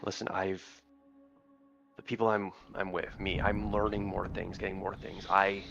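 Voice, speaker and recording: A man playing his character in a tabletop game, speaking in an earnest, reassuring, halting way. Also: deep voice, flat delivery, gravelly, a bit bright, faint music behind. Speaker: player. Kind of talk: in-character role-play. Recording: muffled, noisy mic.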